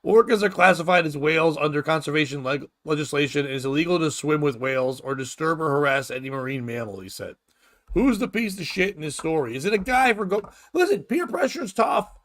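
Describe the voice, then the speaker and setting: A man hosting a comedy podcast, reading news stories aloud and ranting about them in a profane, animated way, laughing at his own jokes. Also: on the high side, fairly quick.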